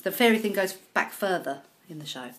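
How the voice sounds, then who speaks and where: A woman's voice: medium pitch, animated, a little fast. A woman co-hosting a podcast, chatting casually about a TV episode and laughing often between points. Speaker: podcast co-host. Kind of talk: casual chat recapping a TV episode.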